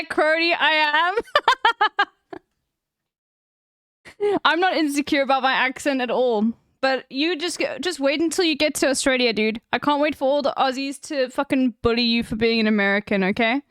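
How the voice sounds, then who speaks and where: A woman's voice: sits high, normal speed, fairly bright tone, dry recording, clean studio sound. A woman streamer in casual chat, blunt, teasing and full of swearing.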